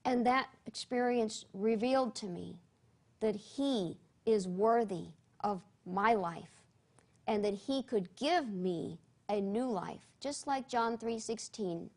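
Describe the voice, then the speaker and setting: A woman guest sharing her personal testimony in an interview, earnest and dramatic, dropping to a hushed voice at tender moments. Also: medium pitch, slow pace.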